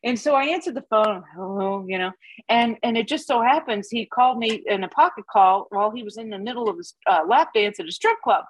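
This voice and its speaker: A woman's voice: fairly high pitch, expressive, fairly quick, a little hiss or hum, poor audio. A middle-aged woman sharing her personal recovery story with a support group, candid, laughing at her past. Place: Dallas.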